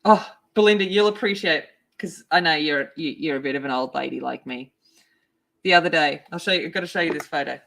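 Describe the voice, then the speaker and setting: A chatty woman talks loosely to her livestream viewers while she colors, her voice sitting a little on the low side. She greets people in the chat by name and gets excitable. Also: fairly quick, creaky. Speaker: art livestream host.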